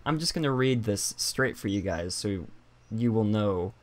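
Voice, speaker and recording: A man's voice: fairly low pitch, expressive, unhurried. A man hosting a casual podcast, chatting loosely and poking fun at himself as he reads out quotes. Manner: chatty, self-deprecating, reads quotes aloud. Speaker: podcast host.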